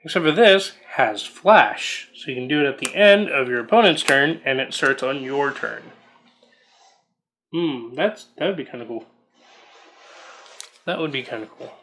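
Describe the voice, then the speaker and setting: A man's voice: mid-range voice, animated, moderate pace, pauses often, a bit bright, slight background noise. A man casually reading out trading card text as he opens booster packs, musing aloud between cards. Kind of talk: casual unboxing commentary.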